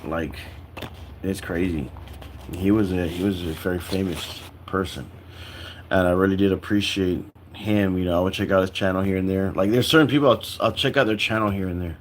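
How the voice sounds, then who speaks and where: A tired young man with a lowish voice rambles through a casual livestream chat, stacking "like" and false starts as he goes. A faint hum of room ambience sits behind him. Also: fairly even intonation, brisk. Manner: rambling, full of "like" and restarts.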